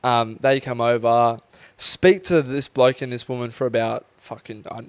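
Co-hosting a laid-back podcast, a young man spins a story full of swearing and acted-out quotes, staying animated throughout. He speaks at normal speed in a mid-range voice, and the recording has no room sound.

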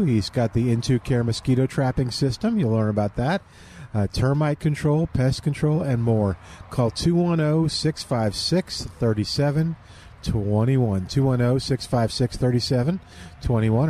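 Brief: male radio host, easygoing talker, mellow dark tone, faint hiss behind. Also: mid-range voice. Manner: relaxed, chatty, laughs easily. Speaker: radio gardening show host. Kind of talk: casual radio chat and ad reads.

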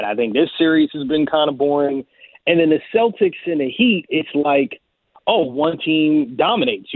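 A man's voice: on the high side, dry recording. A man arguing basketball takes on a sports talk show, emphatic and confident. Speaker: basketball analyst. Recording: tinny phone-like audio.

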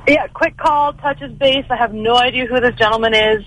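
A woman's voice: fairly high pitch, normal speed, a bit bright, rough recording. A woman phones in to a radio show and tells her story with energy, switching between both voices as she acts out the calls. A faint hum of noise sits under her voice. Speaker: caller.

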